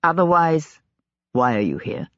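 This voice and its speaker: A reader voicing a sharp-tongued aristocratic lord who speaks in a calm, clipped, commanding way, for an audiobook. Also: medium pitch, a little slow, no room sound, close to an everyday voice. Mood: probing. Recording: dull, dry lo-fi recording.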